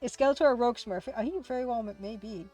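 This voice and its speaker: A woman hosting a casual livestream, who talks fast, rambles through chat replies, laughs often and pokes fun at herself. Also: a little high, dark tone, dry recording, faint music behind. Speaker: livestream host and game artist.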